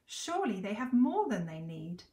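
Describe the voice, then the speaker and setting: Lady reading a jittery young grocer guy, a bit higher voice, echoey room. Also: lively intonation, unhurried. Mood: nervous. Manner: nervous, hopeful. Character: nervous young male grocer.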